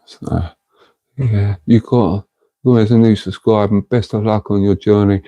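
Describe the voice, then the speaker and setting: A man's voice: fairly low pitch, flat delivery, normal speed, warm tone, no echo. A middle-aged man hosting a casual livestream, rambling and chatty as he reads out viewers' comments and calls them mate. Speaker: livestream host reading chat.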